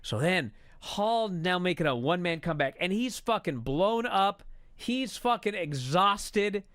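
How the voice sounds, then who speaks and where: A man telling a story as a profane, exasperated rant that builds to shouting. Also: high-pitched, measured pace, no room sound, studio quality. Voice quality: animated storyteller. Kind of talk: comedic rant.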